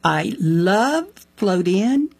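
Woman, testimony storyteller, acts out quotes with jumpy pitch, breathy-husky tone, dry recording. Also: very slow, dry recording. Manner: animated, acts out quoted speech with sudden pitch jumps; laughs often while telling. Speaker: guest sharing her faith testimony. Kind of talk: personal storytelling in conversation.

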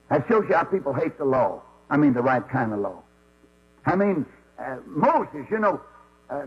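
A man's voice: a little high, husky. A man preaching a folksy sermon as a Baptist preacher, telling Bible stories and acting out the voices in them. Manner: storytelling, acts out voices of God and Moses. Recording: dull lo-fi recording with mains hum.

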